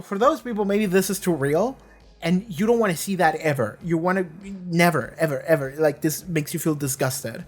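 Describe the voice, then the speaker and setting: A reaction host talks through a TV episode in loose, rambling commentary. The speech is peppered with swearing and quick laughs. The voice sits in a middling pitch. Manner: rambling, profane, animated, laughs often.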